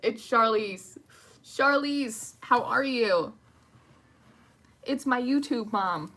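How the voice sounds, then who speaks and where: A woman's voice: on the high side, expressive, slow, a bit bright. Woman, casual home livestream host, rambly and chatty. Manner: rambling, chatty, greets viewers by name. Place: at home at night.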